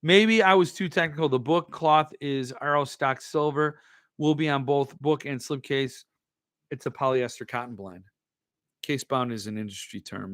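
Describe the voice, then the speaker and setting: Bright, jokey man hosting a podcast. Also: medium pitch, no echo, studio quality. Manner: jokey, self-mocking, animated. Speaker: podcast host. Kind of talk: casual chat reading viewer comments.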